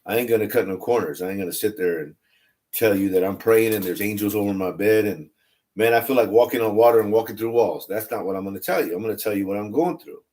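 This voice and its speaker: A man with a lowish, slightly mellow voice talks fast on a livestream about faith, casual and candid. An online religious streamer, he rambles and keeps restarting his phrases.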